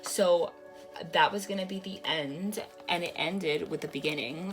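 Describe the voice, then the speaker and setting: A woman giving a casual tarot reading to camera, excitable and swearing, breaking into exclamations. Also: fairly low pitch, moderate pace, music in the background. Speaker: tarot reader.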